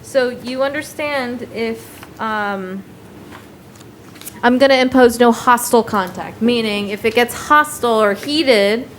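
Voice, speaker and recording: A woman presiding as a judge in a courtroom, reading out bail conditions in a brisk, procedural way and spelling them out slowly. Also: fairly high pitch. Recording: faint room noise, heater.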